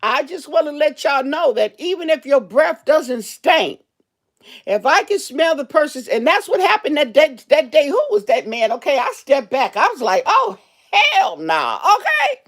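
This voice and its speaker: Her voice is high and her speed normal as this cashier chats animatedly to her viewers, telling a story in a casual vlog.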